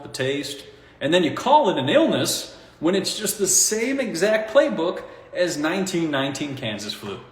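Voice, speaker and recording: A man talking in a casual, rambling monologue, animated and mocking, often breaking into laughter at his own points. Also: on the high side. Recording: echoey room with long reverb.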